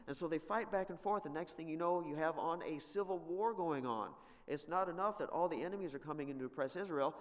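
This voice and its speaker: Man teaching a Bible lesson in a reverberant hall. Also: a little high. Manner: conversational, sarcastic asides, rising emphatic retellings. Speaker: Sunday school teacher. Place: church room.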